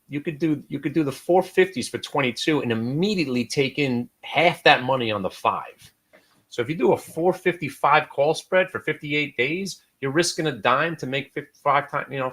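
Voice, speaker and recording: In a mid-range voice, a middle-aged American man hosts a live trading room for stocks, chatting casually while shifting between loud and quiet.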